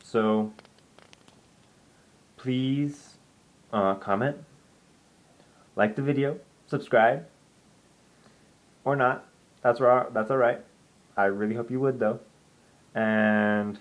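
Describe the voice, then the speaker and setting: A man's voice: medium pitch, fairly even intonation, slow, long pauses. A young man telling a ghost story from his home to camera, rambling casually with lots of restarts and "I'm like" asides. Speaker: vlogger.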